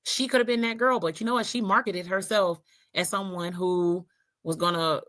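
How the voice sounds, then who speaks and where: A woman's voice: on the low side, steady tone, normal speed, fairly bright tone, dry recording. A woman in a clip from another creator's video, talking emphatically and indignantly with rhetorical questions. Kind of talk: casual commentary video.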